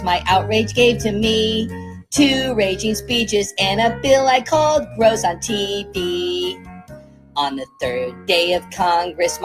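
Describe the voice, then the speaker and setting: A voice singing a slow parody carol as a mocking political figure, over backing music. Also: mid-range voice. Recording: song with loud backing music.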